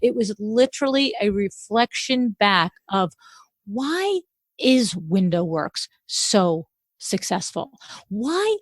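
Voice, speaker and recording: A middle-aged woman, a business owner, talking as a podcast guest in an energetic, straightforward way. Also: mid-range voice, slow, dry recording. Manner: energetic, straightforward, storytelling with acted-out quotes. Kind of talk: podcast interview conversation.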